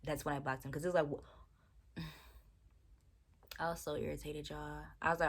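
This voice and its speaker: A young woman talks straight to the camera, retelling a bad date with lively disbelief and plenty of slang. Her voice sits low for a woman, and she sounds casual and chatty the whole way through. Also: normal speed, long pauses. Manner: animated, exasperated storytelling with slang. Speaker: vlogger. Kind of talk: casual storytime chat.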